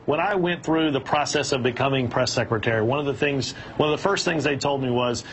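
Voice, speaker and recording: A man's voice: mid-range voice, fairly quick, a little hiss or hum, poor audio. A man who was once a press secretary, telling a story in a wry, amused way during an interview. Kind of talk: interview clip.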